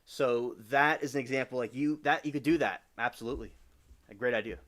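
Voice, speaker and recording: A man's voice: medium pitch, a little fast, fairly bright tone. A man hosting a live stream, chatting casually with viewers and reading an article aloud, often stumbling and restarting over words. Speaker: livestream host.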